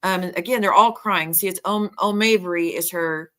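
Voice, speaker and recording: A woman hosting a stream, retelling gossip in a rambling, animated way with many restarts. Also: on the low side, moderate pace. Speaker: livestream host. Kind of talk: casual gossip chat.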